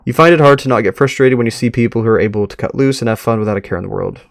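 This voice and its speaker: A man streaming live, reading an online story aloud and reacting with frequent laughs and excited remarks. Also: medium pitch, very fast, creaky, no echo, clean studio sound.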